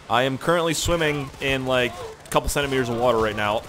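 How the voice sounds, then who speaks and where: Young man, gameplay commentary, profane wisecracking, lively swinging pitch, gunfire noise behind. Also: fast. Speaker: gaming channel host. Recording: loud gunfire and game audio behind. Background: game gunfire and explosions.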